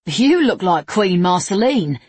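A woman's voice: mid-range voice, big pitch swings, a little slow, darkish tone, breathy edge, no echo. A woman voicing a cheeky, meddling young man with an eager, showy manner in a read-aloud story. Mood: playful.

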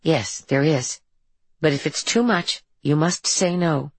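Woman doing a resolute young woman, measured and careful, low husky tone, audiobook. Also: no echo, full character voice.

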